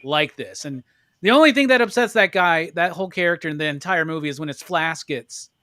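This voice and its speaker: A man's voice: fairly high pitch, expressive, brisk, bright, forceful tone, no echo. A man hosting a movie review podcast, leading the casual talk and asking his co-hosts questions.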